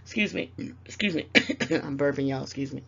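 Gravelly older woman giving motherly advice. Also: very deep voice, a bit bright, highs cut off. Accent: Southern US. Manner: motherly scolding, calls people baby, drawn-out mm-mm. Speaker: YouTube commentator. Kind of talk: casual direct-to-camera advice.

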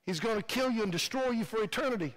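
A man's voice: high voice, expressive, fast talker, fairly bright tone. A male pastor with a Midwestern American accent preaching a sermon in a fervent, repetitive cadence, recorded in a church sanctuary. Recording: long hall reverb.

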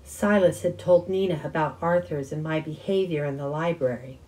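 A woman reading a children's novel aloud with expressive first-person narration. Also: low voice, normal speed, rough recording. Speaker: audiobook reader. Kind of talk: storybook reading.

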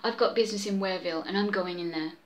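A hot-headed young man insisting on getting his way, voiced by a woman reader. Middle-pitched and plain, in an amateur pulp story reading. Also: very fast, close to an everyday voice, low-quality recording. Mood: heated.

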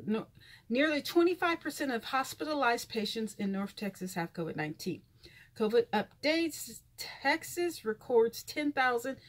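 Blunt, slightly high-voiced woman vlogger. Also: a bit bright. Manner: blunt and profane, with sighs and asides. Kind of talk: casual commentary reading news headlines.

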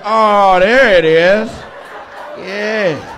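A man doing stand-up crowd work, loudly teasing an audience member in a playful way. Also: sits high, slow, a little hiss or hum. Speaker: stand-up comedian. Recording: live room with faint ambience.

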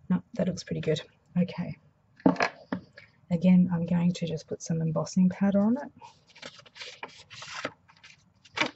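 A woman with an Australian accent, slightly hoarse after a flu, demonstrating a craft project in a soft, mumbling, thinking-aloud way. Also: sits low, muffled recording, a little hiss or hum. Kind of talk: casual craft tutorial.

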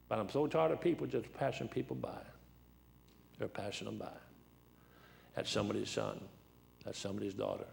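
Gravelly older male preacher. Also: lowish voice, brisk, long pauses, darkish tone, a little hiss or hum. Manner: folksy, rambling, laughs at his own stories. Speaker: guest preacher. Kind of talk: sermon with storytelling.

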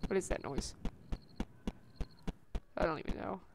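A woman giving chatty let's-play commentary on a survival game, gasping at finds and breaking into squeaky sing-song calls. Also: unhurried, creaky, background noise. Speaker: gameplay commentator.

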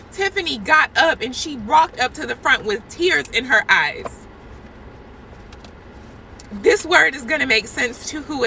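Standing in a church parking lot, a Christian vlogger delivers an impassioned prophetic word straight to her viewers, earnest and repetitive. Her voice sits high, bright and forceful, and the poor audio carries a little hiss or hum.

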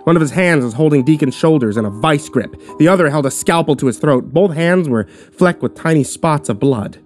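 A man narrating a horror story in the first person with steady, dramatic delivery. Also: on the high side, fairly quick, faint music behind. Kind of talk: scripted narration.

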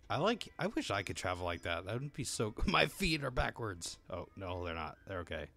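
A man casually commenting while he plays a video game, goofy and excitable, humming along with it. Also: on the low side, moderate pace, creaky, few pauses, faint music behind. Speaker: let's play host.

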